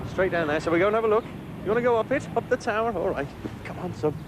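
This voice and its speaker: A man's voice: high-pitched, expressive, fast talker. A man chatting jokily as he wanders a city street outdoors. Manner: chatty, jokey tour-guide banter. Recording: outdoor street noise, traffic.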